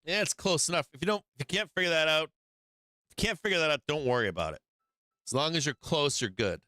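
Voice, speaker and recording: A man's voice: a little high, animated, fast talker, bright, forceful tone, dry recording. A man hosting a stock market stream, talking through charts in a brash, profane, hyped-up way and speaking straight to his viewers. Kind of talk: casual live chart commentary.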